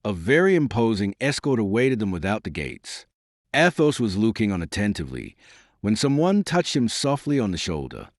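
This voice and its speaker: A man narrating a classic novel as an audiobook in a measured, expressive reading. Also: on the low side, dry recording, studio quality.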